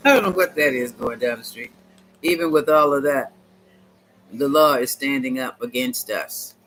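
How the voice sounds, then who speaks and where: A man's voice: mid-range voice, moderate pace, slight background noise, low-quality recording. Chatty man reading tarot on a live stream. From United States. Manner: chatty, animated, talks back to viewers, laughs often. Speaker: tarot reader.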